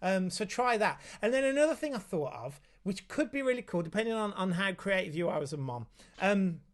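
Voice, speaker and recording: Give me a middle-aged man with a slightly high voice, casually hosting a live Q&A for parents. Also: big pitch swings, fairly quick. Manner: chatty, reads out viewer comments, talks aside to his child. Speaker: autism specialist hosting a parent Q&A.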